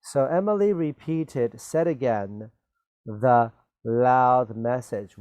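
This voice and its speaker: A patient male teacher leads a children's spelling lesson, spelling words out letter by letter and gently encouraging near misses. He talks in an unhurried, drawn-out way. The recording sounds close and dry. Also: medium pitch, no echo.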